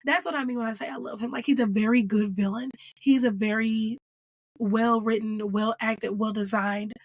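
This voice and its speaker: A woman giving a casual, animated reaction review of a TV episode, playful and full of slang. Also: on the high side, normal speed, dry recording.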